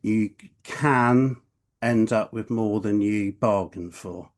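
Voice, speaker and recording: A man's voice: lowish voice, slow pace. A man, co-hosting a podcast and telling a rambling travel story with hesitant restarts. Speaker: podcast co-host. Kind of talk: casual chat, anecdote.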